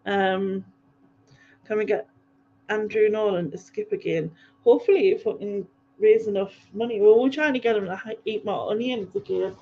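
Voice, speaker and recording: A woman's voice: mid-range voice, normal speed, mellow, a little hiss or hum. A woman hosting a livestream, casually rambling through viewer comments with frequent ums and laughs. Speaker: livestream host. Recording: dull lo-fi livestream audio.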